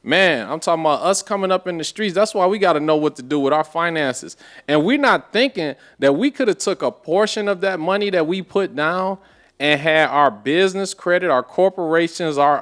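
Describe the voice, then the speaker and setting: A man, a podcast guest, telling a story in a casual, animated way with profane street slang. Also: on the high side, normal speed.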